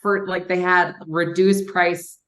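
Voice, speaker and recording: Chatty low-voiced woman investor. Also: little pitch movement, slow pace, fairly bright tone. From Minnesota. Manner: chatty, storytelling, acts out quoted phone calls. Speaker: real estate investor guest. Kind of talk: casual podcast chat.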